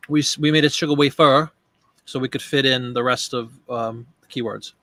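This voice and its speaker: A man's voice: medium pitch, steady tone, moderate pace, pushed and bright, dry recording. A man hosting a casual live stream, thinking aloud as he works and chatting with viewers by name. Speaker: live-stream host and online seller.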